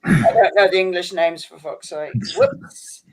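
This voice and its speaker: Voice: medium pitch, a little slow. Easygoing, jokey, casual stream chat.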